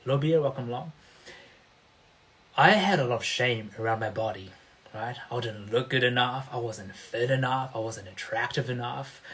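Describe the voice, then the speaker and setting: A man's voice: mid-range voice, a bit bright. A man hosting a motivational livestream as a coach, speaking emphatically and often checking in with his listeners.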